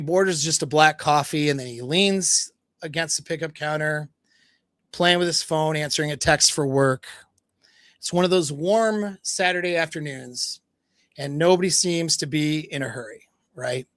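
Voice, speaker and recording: A man's voice: on the high side, unhurried, a bit bright, no room sound. A man coaching on dating during a livestream, casual and blunt, telling stories and swearing freely. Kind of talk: livestream talk, telling a story.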